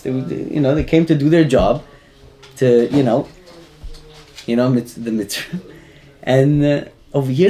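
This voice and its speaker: A man's voice: mid-range voice, darkish tone. A man giving an informal Torah class, rambling and chuckling as he mixes in Hebrew and Yiddish terms. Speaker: Torah teacher.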